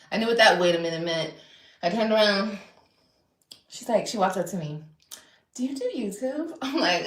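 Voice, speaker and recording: A woman in her thirties telling stories in an animated way, often laughing and mimicking others. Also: fairly low pitch, moderate pace, roomy sound. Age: 30s. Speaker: YouTuber. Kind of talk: casual storytelling on a clip.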